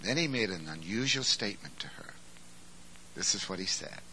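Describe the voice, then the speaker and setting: A man preaching a sermon, swinging from quiet explanation to shouted emphasis. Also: sits low, expressive, moderate pace, a little hiss or hum, poor audio.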